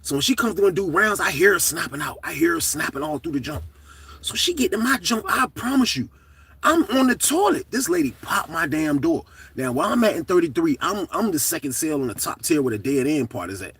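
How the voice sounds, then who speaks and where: A middle-aged man telling a story to camera in a casual, profane, animated way, shouting at the high points. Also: a little fast, slightly rough, dry recording, far from the mic.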